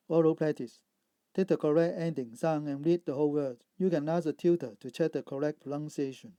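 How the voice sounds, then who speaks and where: A man teaching English pronunciation, reading out sounds and example words one at a time in a measured instructional narration. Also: a little high, steady tone, mellow, clean tone, no room sound. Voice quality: measured, deliberate word-by-word delivery. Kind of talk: slow instructional narration over slides.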